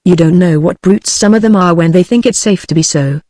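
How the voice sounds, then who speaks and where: A woman's voice: lowish voice, fairly quick, dark tone, no echo, clean studio sound, natural voice. A text-to-speech woman's voice with a British accent, voicing an anxious, pleading young woman in a novel. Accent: British English. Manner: pleading, fretful.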